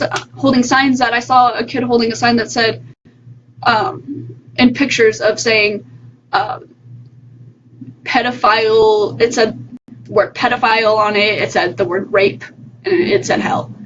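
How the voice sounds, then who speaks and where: A woman's voice: mid-range voice, muffled recording. Woman, earnest vlogger, casual opinion talk, faint background hiss. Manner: earnest, heartfelt, with many fillers. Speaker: vlogger giving her opinion. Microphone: phone livestream.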